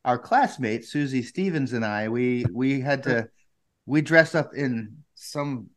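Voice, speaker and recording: A man hosting a casual chat, telling an anecdote in halting, restarting bursts. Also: mid-range voice, lively intonation.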